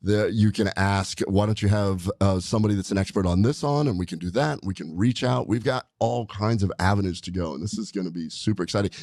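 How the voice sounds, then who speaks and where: Upbeat low-voiced male podcast host. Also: a little fast, hardly any pauses, darkish tone, no room sound, studio quality. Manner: upbeat, enthusiastic, rambling. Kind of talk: casual podcast chat. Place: studio.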